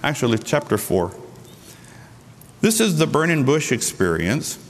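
A middle-aged male pastor preaching a sermon, emphatic, with sudden jumps in pitch and slowed, stressed words. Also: sing-song, long reverb tail.

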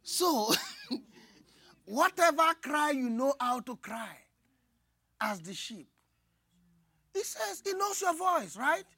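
A woman preaching a sermon, moving from hushed asides to loud, cried-out lines. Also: sits high, slow, long pauses, no echo. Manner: expressive, swings from hushed asides to loud cries.

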